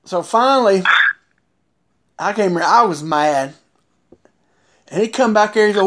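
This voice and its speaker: A man's voice: high-pitched, expressive, a little slow, long pauses, a bit bright. A man telling a wrestling story in casual chat, rambling with many fillers and restarts.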